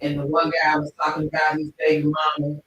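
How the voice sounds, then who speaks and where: Woman host, bright and forceful tone, recorded from a distance in a very echoey room. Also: deep voice, fast, a little hiss or hum. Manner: animated, expressive storytelling. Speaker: talk show host. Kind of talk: livestream casual chat.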